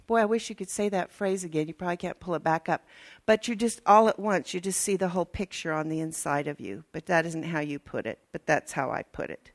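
A woman's voice: fairly low pitch, moderate pace. An older woman minister, preaching a chatty, folksy sermon with asides to her congregation.

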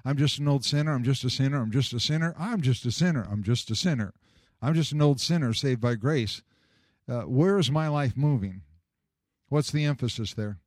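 A man's voice: mid-range voice, moderate pace, darkish tone, no echo, studio quality. A man preaching a sermon, telling stories and acting out the voices in them with a chuckle. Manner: storytelling, acts out quoted voices, chuckles at own jokes.

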